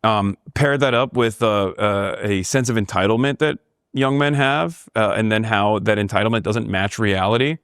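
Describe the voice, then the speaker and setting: A man who grew up in Turkey, talking as a podcast guest in a measured, thoughtful way. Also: lowish voice, a bit bright, clean tone, no room sound, clean studio sound. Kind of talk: casual conversation.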